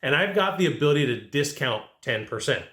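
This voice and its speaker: Animated sales coach, roomy echo. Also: male voice, mid-range voice, a little fast. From California. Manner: animated, acts out customers' lines. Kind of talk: energetic coaching monologue.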